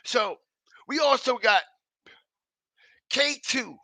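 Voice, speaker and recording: A man's voice: extremely high pitch, animated, slow, sharp tone, dry recording. A man giving a ranting online commentary, emphatic and profane, repeating himself and checking in with his listeners. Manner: emphatic, repetitive, keeps checking in with the audience; profane and mocking.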